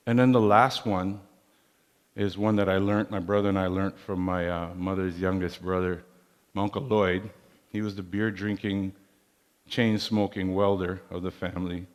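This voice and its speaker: A man giving a motivational leadership talk in a large hall, measured and preacherly, with proverbs. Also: fairly low pitch. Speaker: keynote speaker. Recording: long hall reverb.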